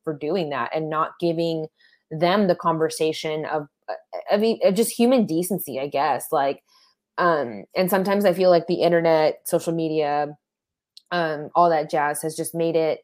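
A woman's voice: deep voice, normal speed, a little mellow. A young woman co-hosting a podcast, rambling with many fillers. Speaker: podcast co-host. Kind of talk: casual podcast chat.

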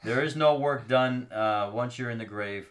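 On a relaxed faith podcast, the male co-host reads passages of scripture and sincerely unpacks them, stopping with ums as he finds his place. He speaks at medium pitch and normal speed.

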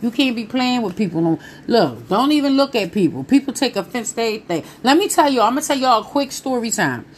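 A woman in her thirties telling viewers a personal story in a casual, animated way, talking straight to them. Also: a little high, a little fast, hardly any pauses, slight background noise.

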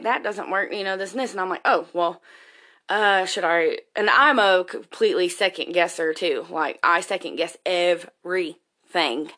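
A woman's voice: medium pitch, fairly bright tone. A woman, a single mother, talking candidly and emotionally in a rambling personal monologue, swearing freely.

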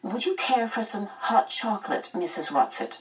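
A woman voicing a calm, brisk scientist mother who speaks lightly and reassuringly. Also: mid-range voice, far from the mic, voice pushed up, natural voice.

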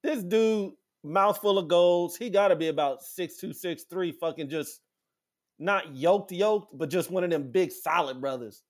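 A man in casual podcast chat, telling a profane, animated story and acting out quotes in sudden high voices. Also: unhurried.

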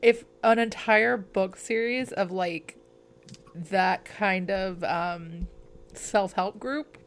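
A woman from Arkansas co-hosts a casual podcast chat. She is chatty and teasing, and she laughs easily. A soft hum of background noise sits under her medium-pitched voice. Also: slow pace. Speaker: podcast co-host.

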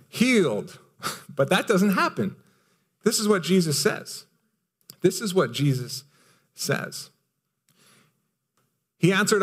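A male pastor preaching in a loose, conversational style, stressing key words with emphasis. His pitch sits in a middle range for a man. He circles back and repeats phrases to land each point. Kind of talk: sermon.

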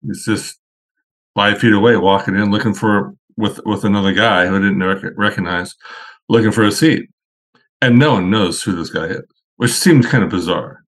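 A man with a fairly low voice talks as a podcast guest. He rambles through car-show anecdotes in a loose, conversational way. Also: normal speed, fairly bright tone.

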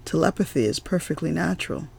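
A man reading aloud voices a patient woman who explains things calmly, staying close to his own voice. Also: a little high, quick pace, creaky, slightly rough, heavily acted. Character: calm knowing woman guide.

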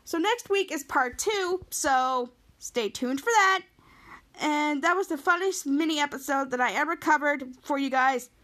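A woman's voice: high-pitched, unhurried, a bit bright. A woman podcast host giving a casual, rambling recap of a TV episode, chaining quotes together with "and he's like.".

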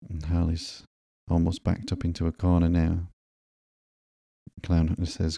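A man hosting a sleep podcast, calmly narrating a comic book in a slow, monotone manner. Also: low-pitched, creaky, no echo. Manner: calm, monotone, drawn-out. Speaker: podcast host and comic reader.

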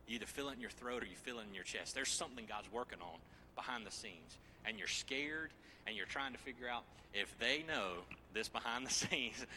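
A man preaching a sermon with jokes, swinging from loud, energetic Bible reading to near whispers, on a handheld microphone. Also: mid-range voice, a little hiss or hum. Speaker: pastor. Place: church sanctuary.

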